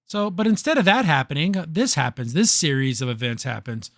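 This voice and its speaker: A man's voice: on the high side, expressive, a little fast, no echo, studio quality. A man hosting a podcast, recapping and criticizing a cartoon episode in a casual, sarcastic, blunt way.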